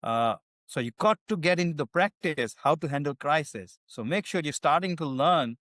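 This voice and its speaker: A man, a podcast guest, giving advice in a measured way with hesitant fillers. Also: fairly high pitch, lively intonation, a bit bright, dry recording, studio quality. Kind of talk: conversational advice.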